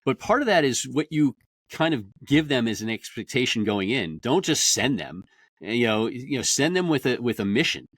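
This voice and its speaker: A middle-aged man, a podcast guest, talking fast and with lots of energy in a casual interview. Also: medium pitch, very animated, a bit bright, dry recording, studio quality. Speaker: guest, industry consultant.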